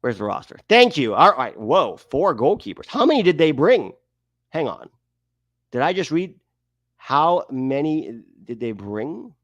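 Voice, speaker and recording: A chatty man hosts a casual soccer commentary video. He thinks aloud and hums while he hunts for things. His pitch moves a lot, and the recording is dry. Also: big pitch swings, moderate pace, husky, no room sound, muffled recording. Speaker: host.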